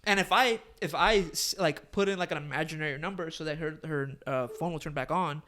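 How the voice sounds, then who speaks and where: A man's voice: on the high side, fairly quick, bright, forceful tone, slight background noise. A young man co-hosting a podcast, talking in a laid-back, slangy way. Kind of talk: casual chat.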